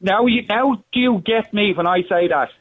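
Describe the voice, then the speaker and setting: Husky male caller on a phone line. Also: high-pitched, normal speed. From the Netherlands. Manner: blunt, opinionated. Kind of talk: phone-in call.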